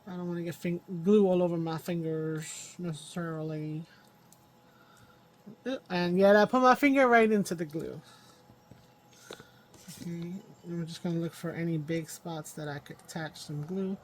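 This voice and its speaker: A woman with a lowish voice talks through her craft project in a loose, rambling way, thinking out loud as she works with her hands. It's casual vlog chatter from a home craft table, with a faint hum of room noise behind her. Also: normal speed. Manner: rambling self-talk while working with her hands. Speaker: crafting channel host.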